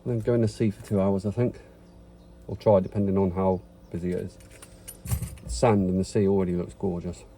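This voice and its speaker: A relaxed, chatty Englishman vlogging on a beach, swearing casually as he talks into a handheld phone. His voice sits fairly low. Clear outdoor wind and surf noise runs under the whole recording. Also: fairly quick. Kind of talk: casual vlog narration.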